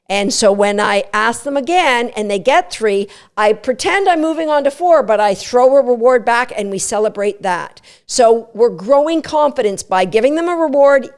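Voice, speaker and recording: Higher-voiced woman coaching dog trainers. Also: clear, resonant tone. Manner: emphatic, coaching tone with quick asides. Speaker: dog trainer and podcast host. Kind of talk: instructional podcast talk.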